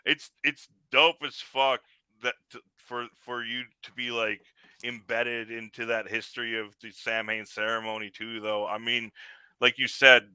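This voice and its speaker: Bright, dry-voiced Canadian man hosting. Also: mid-range voice, level tone, unhurried, smooth, no room sound, poor audio. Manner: profane, laughs often, rambling storyteller. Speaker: podcast host. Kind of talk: casual podcast chat.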